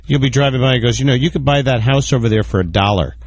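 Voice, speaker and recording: A man's voice: medium pitch, fast talker, no room sound. A man chatting on a radio show, telling stories and acting out the people he meets. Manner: chatty storyteller, acts out people he quotes. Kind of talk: casual radio talk.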